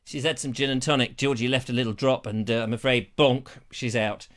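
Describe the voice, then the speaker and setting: A man's voice: mid-range voice, fairly even intonation, fairly quick, a bit bright. A man hosting a rambling live show, playful and jokey, chatting to viewers. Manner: playful, jokey, puts on silly voices. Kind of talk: rambling live-stream chat. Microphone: lavalier.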